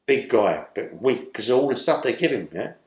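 The interviewee is a former criminal, an older man from London with a London accent, spinning a rambling prison yarn and peppering it with "yeah?". His medium-pitched, darkish voice swings a lot in pitch at a moderate pace, in an echoey room.

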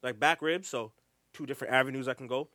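A man's voice: mid-range voice, fast talker, pushed and bright, dry recording, clean studio sound. A man in casual, joking banter with friends, talking in slang and defending himself. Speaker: podcast co-host.

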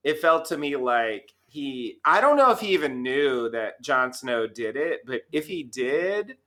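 Hesitant, bright-voiced man chatting. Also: mid-range voice, very animated, a little slow. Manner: hesitant, full of 'like' and restarts. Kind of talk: casual podcast discussion.

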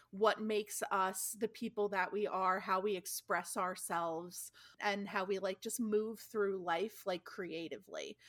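Woman co-host, chatty and loose, mid pitch, dry sound. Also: a bit bright, no echo. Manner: chatty, fills talk with "like". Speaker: podcast co-host. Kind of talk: casual chat.

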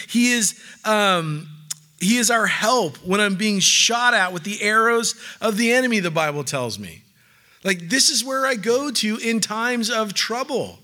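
A man's voice: high-pitched, bright, forceful tone. A man preaching a sermon in a casual, conversational way, with joking asides and scripture read aloud. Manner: reads scripture aloud within the talk.

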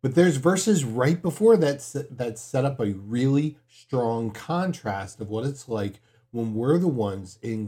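A man in his forties preaching a sermon, earnest, mixing stories with quiet, emphatic points. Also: medium pitch, slightly rough. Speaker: pastor.

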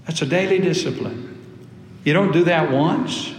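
A man's voice: a little high, moderate pace, slight background noise. A man preaching a sermon to his congregation, emphatic and repeating key phrases. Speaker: pastor. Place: church sanctuary. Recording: echoey hall.

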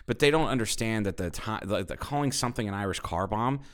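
Low-voiced profane storytelling man. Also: lively intonation, quick pace. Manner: profane, storytelling, mimics people in raised voices. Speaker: podcast co-host. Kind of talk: casual chat.

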